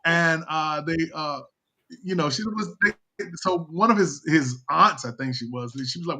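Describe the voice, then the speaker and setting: A man's voice: fairly high pitch, moderate pace, sharp tone. A man on a video call telling a funny family story, chuckling often, full of fillers, and mimicking his relatives. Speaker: guest storyteller.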